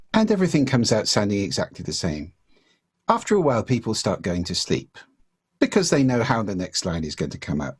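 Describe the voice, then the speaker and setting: Husky, gravelly-voiced man, low. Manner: reflective, explains by acting out examples. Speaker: interview guest, speaking coach. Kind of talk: casual conversation.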